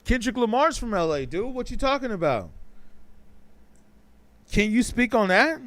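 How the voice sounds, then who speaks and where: A man's voice: very high-pitched, sing-song, normal speed, a bit bright. A man hosting a casual live-stream talk show, reading chat comments aloud, loose and joking, with slang and lots of repeats.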